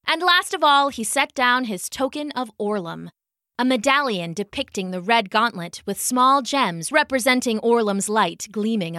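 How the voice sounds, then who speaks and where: A woman narrating a fantasy storybook in an expressive, lively way. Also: on the high side, dry recording, studio quality.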